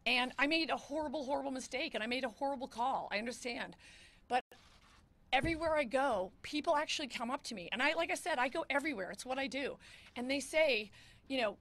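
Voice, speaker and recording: A woman's voice: sits high, quick pace, fairly bright tone. A woman in her fifties, a comedian giving a press conference statement, joking and mocking herself with a nervous edge. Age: 50s.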